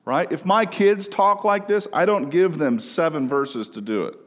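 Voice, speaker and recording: A man in his thirties preaching a sermon as a pastor, emphatic, dropping low and then rising loud. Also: moderate pace, few pauses. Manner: emphatic preaching, swings between hushed and raised. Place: church sanctuary. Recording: church hall reverb.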